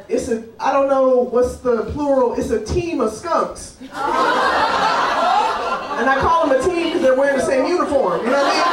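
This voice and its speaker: A woman's voice: high-pitched, moderate pace, distant mic, a loud crowd. Live storyteller, woman, brash and giggly, roomy venue, audience audible. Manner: animated, swearing, laughing often.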